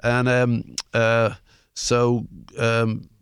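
A man's voice: medium pitch, monotone, very slow, smooth, no room sound, clean studio sound. An older Irish man, a musician guest, telling a long anecdote in a rambling way, full of fillers and the odd swear word. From Ireland. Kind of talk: anecdotal interview storytelling.

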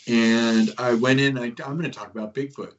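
A man's voice: medium pitch, fairly even intonation, moderate pace, muffled recording. A man telling stories as a guest in a casual interview, rambling and conspiratorial, with many fillers. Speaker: guest, host of his own show.

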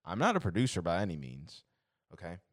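A young man with a deep, low voice rants through a casual podcast chat, exasperated and swearing freely. The sound is dry and close, with no room around it. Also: wildly swooping pitch, brisk, dry recording. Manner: profane, exasperated ranting. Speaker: podcast co-host.

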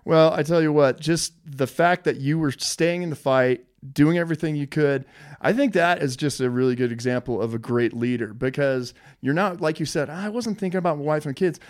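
A man's voice: a little high, moderate pace. A male podcast host praising his guest in an emphatic, admiring way, repeating his points. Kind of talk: interview chat.

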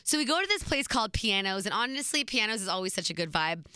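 A woman in her twenties casually telling a story, chatty and animated, laughing between beats. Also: mid-range voice, fast talker, clear, resonant tone, no room sound.

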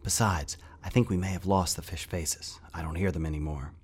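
A hushed, hurried whisper from a boy tucked away from monsters in a storybook scene, as a man reading aloud puts him on. The voice sits low and deep. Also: fairly even intonation, breathy edge. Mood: nervous.

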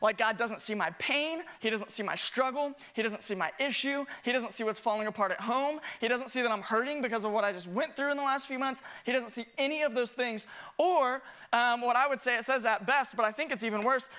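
A man preaching as a family pastor. He tells lively stories, pokes fun at himself and acts out the scenes he describes. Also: extremely high pitch, a little fast. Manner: animated, self-mocking, acts out scenes. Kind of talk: sermon with personal storytelling.

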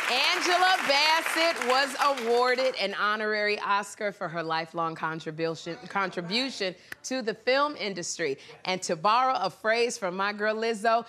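A woman talk show host doing a comedic monologue on the news, animated and laughing, slipping into squeaky high impressions. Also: moderate pace, few pauses, a crowd in the background. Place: television studio with live audience. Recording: studio audience cheering and noise behind.

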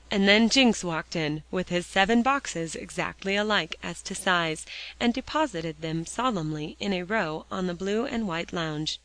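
Woman reading a storybook aloud, low voice. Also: normal speed, a bit bright, no echo, low-quality recording. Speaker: audiobook reader. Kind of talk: storybook narration.

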